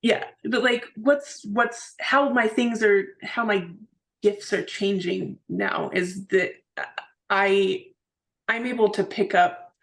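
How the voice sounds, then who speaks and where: A woman's voice: mid-range voice, fairly even intonation, takes it slowly, gravelly, fairly bright tone. A woman co-hosting a podcast in casual chat, earnest and searching for her words. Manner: earnest, searching, many restarts with "like". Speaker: co-host.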